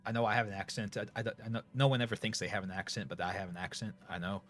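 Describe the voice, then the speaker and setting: A man's voice: fairly low pitch, fairly even intonation, rapid-fire, fairly bright tone. A middle-aged man with a Northern US accent chatting casually to viewers, rambling with many fillers and restarts. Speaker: streamer. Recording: faint music behind.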